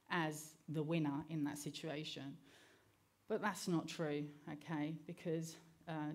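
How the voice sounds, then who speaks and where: Deep and darkish in tone, this middle-aged woman preaches earnestly, blending scripture with stories from her own life. She frequently pauses to ask the congregation "okay?"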